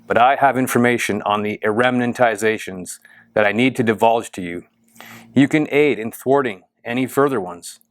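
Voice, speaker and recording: A man's voice: mid-range voice, normal speed, dry recording, studio quality, lightly acted. A man reading the lines of a desperate woman data scientist who hides her identity, urgent and pleading.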